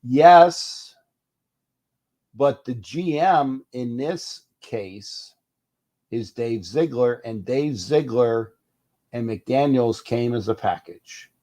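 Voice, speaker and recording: A middle-aged man hosting a casual fan live stream, rambling and animated, reading viewer comments aloud between restarts. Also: mid-range voice, very slow. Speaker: host of a fan live show.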